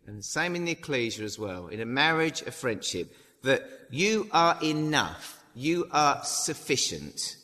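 A man preaching in a relaxed, conversational way, pausing on fillers and tagging his points with questions. His mid-pitched voice rings with a long hall reverb. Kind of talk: informal Bible talk.

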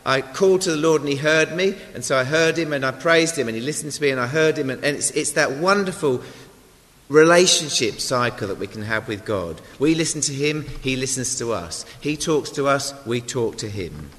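A man's voice: medium pitch, lively intonation, normal speed, fairly bright tone. A man giving an informal sermon, chatty and self-deprecating, with asides to the congregation. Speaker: lay preacher. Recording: long hall reverb.

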